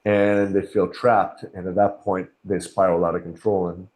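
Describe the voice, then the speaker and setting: A man's voice: sits low, level tone, moderate pace, a little mellow. Candid man in an echoey room. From Canada. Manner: earnest, candid, acts out inner dialogue with quoted voices. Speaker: podcast guest. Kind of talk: conversational interview.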